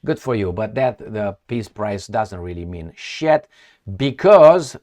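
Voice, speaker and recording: A middle-aged man talks through news articles in a loose, off-the-cuff way. His voice sits fairly low, and he often breaks into sarcastic asides. His speech is full of fillers and false starts. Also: a little slow, a little mellow. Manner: sarcastic, rambling, many fillers and restarts. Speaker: political commentator. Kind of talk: off-the-cuff commentary reading news articles aloud.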